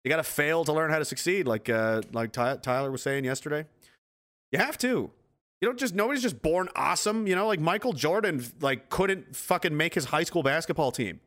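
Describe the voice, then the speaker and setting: A man's voice: fairly high pitch, animated, brisk, a bit bright. A man hosting a casual livestream, reading chat, rambling and profane and laughing often.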